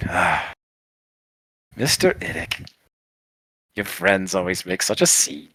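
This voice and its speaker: A man putting on a gangly deep gnome, sarcastic, theatrical, sneering showman, bright edge, dry close sound, tabletop game figure. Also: big pitch swings, takes it slowly, creaky, husky, no room sound, exaggerated voice, poor audio. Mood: sly. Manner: mocking, theatrical.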